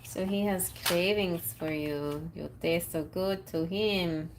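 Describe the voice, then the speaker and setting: A woman's voice: lowish voice, steady tone, slow pace, noisy background. A woman giving tarot readings on a live stream, reading messages aloud in a playful, giggly way. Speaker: tarot reader.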